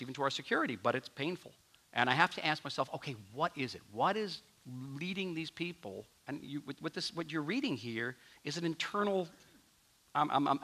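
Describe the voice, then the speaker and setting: A man's voice: on the high side, sharp tone. A man, an author and former ambassador, speaks emphatically in an onstage interview, often restarting his sentences. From United States.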